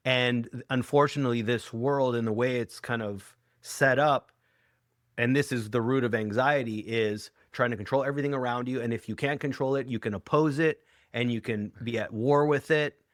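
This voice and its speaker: A middle-aged hypnotherapist and author appears as a guest in a conversational interview, speaking earnestly and reflectively and acting out quoted lines. His mid-range voice has fairly even intonation at normal speed, recorded in studio quality with no room sound.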